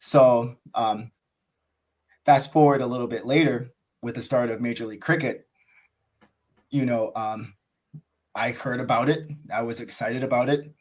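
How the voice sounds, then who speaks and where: A man's voice: medium pitch, fairly even intonation, measured pace, long pauses. An American man talking as a podcast guest, telling his story in a casual, enthusiastic, rambling way, full of "like" and "you know". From USA.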